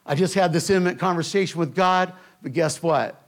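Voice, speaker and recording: A man preaching a sermon to a church, telling a personal story with emphatic delivery that drops to a hush in tender moments. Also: fairly high pitch, a little fast. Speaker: pastor.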